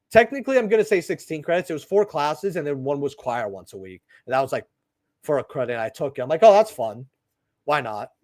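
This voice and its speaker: Animated young man telling rambling stories. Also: on the high side, no echo, studio quality. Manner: rambling, animated, lots of "right?" and asides. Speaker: channel host opening trading cards. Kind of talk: casual storytelling while opening packs.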